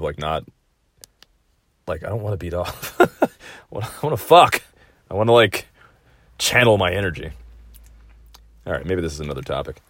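A man's voice: low voice, dry recording. A man in his thirties hosting a casual comedic monologue at home, rambling and profane, with wild swings in delivery. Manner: profane, rambling, wildly animated. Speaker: podcast host.

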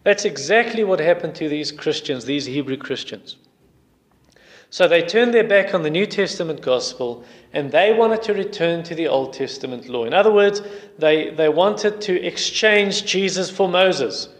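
A man's voice: fairly high pitch, lively intonation, moderate pace. A male preacher delivering a sermon and retelling a story in an emphatic way. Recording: long hall reverb.

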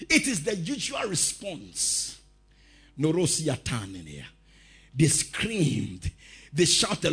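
A male preacher giving a lively sermon, telling stories, shouting out quotes and laughing as he goes. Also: a little high, slow pace, long pauses, breathy edge, faint music behind.

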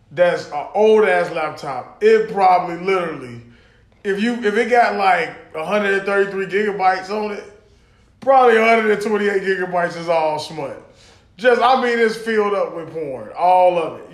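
A young man co-hosting a podcast, chatting loosely with lots of cursing and laughter. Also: sits high. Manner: loose, profane, laughing banter. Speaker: podcast co-host. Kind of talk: casual chat. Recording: echoey room.

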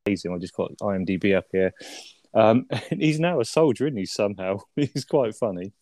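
A man's voice: lowish voice, lively intonation, moderate pace, a little mellow, no room sound. A man chatting casually as a film podcast co-host, often ending with tag questions and swearing now and then. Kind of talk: casual film review chat.

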